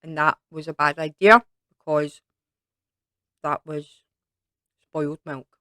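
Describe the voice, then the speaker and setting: A woman's voice: deep voice, steady tone, slow pace, sharp tone, dry recording. A young woman with a Scottish accent chatting casually to camera in a Q&A, rambling with lots of fillers. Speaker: YouTube creator.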